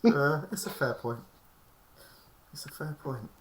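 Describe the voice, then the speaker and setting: A man's voice: a little high, expressive, measured pace. A man playing a tabletop role-playing game, bantering in a jokey way and laughing often. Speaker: player.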